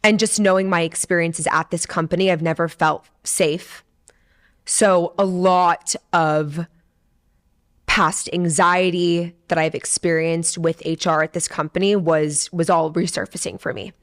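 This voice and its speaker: Woman in her 20s with a slightly low voice, just talking through what happened, emotional and chatty, says like a lot. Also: fairly even intonation, a little slow. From San Diego, USA. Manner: emotional, chatty, full of "like" and swearing. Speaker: podcast host. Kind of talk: candid personal storytelling. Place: studio.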